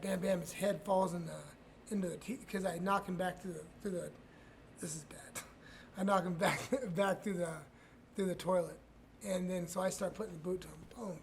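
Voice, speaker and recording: A man's voice: high voice, a little hiss or hum. A middle-aged man, a retired fighter, telling profane, rambling stories in a casual interview, with many restarts and laughs.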